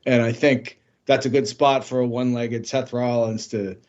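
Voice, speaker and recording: A man's voice: mid-range voice, little pitch movement, normal speed, darkish tone. A man co-hosting a casual wrestling podcast, rambling and restarting his sentences, swearing freely. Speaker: podcast co-host. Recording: dull lo-fi audio.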